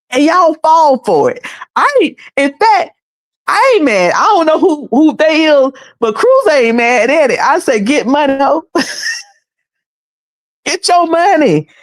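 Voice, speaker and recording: Recorded without any room sound, this livestream host has a high voice. Her casual commentary comes across as colloquial and preachy, broken up by frequent laughter.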